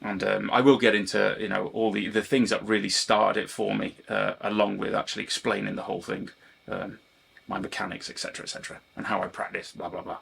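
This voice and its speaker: There's a faint hiss or hum behind this fairly low, gravelly, slightly bright male voice, which stays flat in pitch and brisk in pace. A guitar teacher from Britain who hosts a channel, he chats loosely to camera, strays from the subject, and keeps apologising for it with self-deprecating humour.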